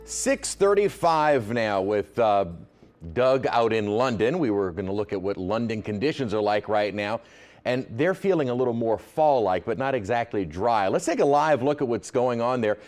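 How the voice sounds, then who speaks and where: A man delivering a live TV weather forecast in a relaxed, jokey way. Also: medium pitch, moderate pace.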